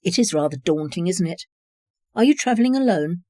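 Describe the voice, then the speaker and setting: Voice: medium pitch, animated, brisk, darkish tone, no echo, clean studio sound, close to an everyday voice. A reader voicing a friendly, cheerful young man with a Belfast accent in an audiobook. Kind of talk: audiobook reading.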